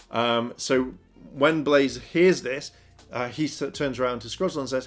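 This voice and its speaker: A man's voice: medium pitch, normal speed, faint music behind. A man giving a casual, rambling recap of a TV episode, full of fillers like "kind of" and "you know". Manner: rambling, filler-heavy retelling. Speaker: TV episode reviewer.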